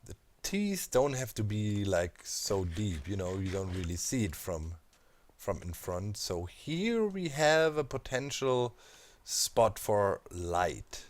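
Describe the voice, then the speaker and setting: Speaking slowly in a fairly low, very animated voice, a Minecraft let's player chats casually as he builds in the game. He thinks out loud, full of fillers and side remarks.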